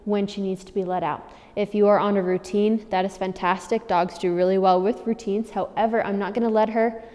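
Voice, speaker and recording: A woman's voice: medium pitch, steady tone, a little fast, warm tone, big-room sound. A woman dog trainer giving firm, practical instructions to new owners, repeating key warnings for emphasis. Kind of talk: instructional handover talk.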